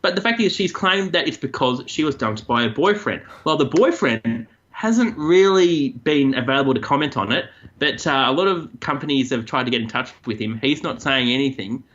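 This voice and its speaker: A man's voice: medium pitch, moderate pace, few pauses, muffled recording. A man, co-hosting a podcast and chatting casually about odd news stories. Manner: chatty, animated storytelling. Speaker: co-host.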